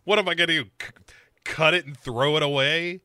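A man's voice: fairly high pitch, fairly quick, bright, forceful tone, clear, resonant tone, no room sound, clean studio sound. A man co-hosting a casual, joking show recap who laughs often. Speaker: podcast co-host.

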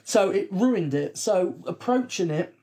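A man from the UK co-hosting a casual chat, telling animated stories with plenty of swearing. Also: high voice, measured pace. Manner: animated, profane storytelling. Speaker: podcast co-host.

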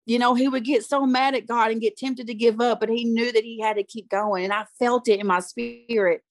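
A woman's voice: a little high, fairly even intonation, brisk. A middle-aged woman and youth pastor telling her personal story in conversation, earnest and emotional, repeating phrases for emphasis.

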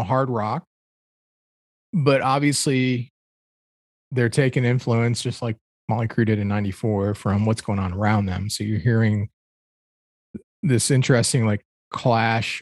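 A man's voice: medium pitch, darkish tone, dry recording, studio quality. A man co-hosting a music podcast, talking casually and rambling as he searches for words, with many ums and likes. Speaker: podcast co-host. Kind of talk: casual chat about music.

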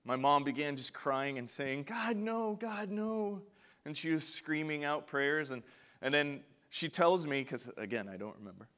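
A young man preaching a sermon to a congregation, passionate, going from quiet and low to loud and high when he acts out prayers. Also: normal speed, clear, resonant tone. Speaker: pastor. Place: church before a congregation.

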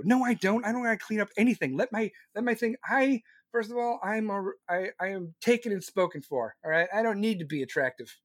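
A man's voice: high-pitched, dry recording, clean studio sound. Sarcastic ranting man streaming live. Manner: loud, sarcastic, ranting, mocking voices. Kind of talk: political rant on a live stream.

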